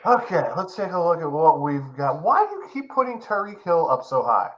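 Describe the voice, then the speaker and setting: A man's voice: on the high side, very animated, normal speed, fairly bright tone, highs cut off, slight background noise. A man co-hosting a casual fantasy football podcast, asking wry, skeptical questions. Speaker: podcast co-host.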